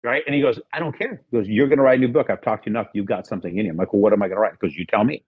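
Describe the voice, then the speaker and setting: A man's voice: fairly low pitch, steady tone, racing, breathy edge, no echo, narrow, tinny audio. A middle-aged man as a podcast guest, telling a rambling story casually and acting out the lines of the people in it. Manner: rambling, acts out quoted dialogue.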